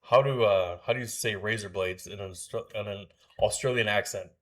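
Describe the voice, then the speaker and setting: A man's voice: lowish voice, a little fast. A man co-hosting a podcast, telling stories in a casual chat and laughing often. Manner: animated storyteller, laughs a lot. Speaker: podcast co-host.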